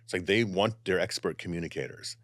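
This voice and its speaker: A man with a low, deep voice speaks as a channeler guest in a conversation. He is animated and expressive, then shifts into slow, calm meditation guidance. The sound is close and dry, with no room echo. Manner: animated and expressive, softening into calm guided instruction. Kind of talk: casual conversation and guided meditation.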